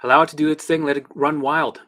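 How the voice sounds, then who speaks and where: A man hosting a casual livestream, coaching viewers through exercises in an animated, chatty way with the odd swear word. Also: a little high, fast, very noisy. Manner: guides listeners through exercises. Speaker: host and recovery coach.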